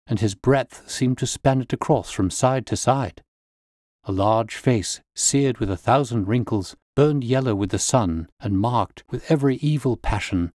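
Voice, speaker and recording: A man narrating a classic story in a measured, clear reading. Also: medium pitch, darkish tone, no echo, clean studio sound.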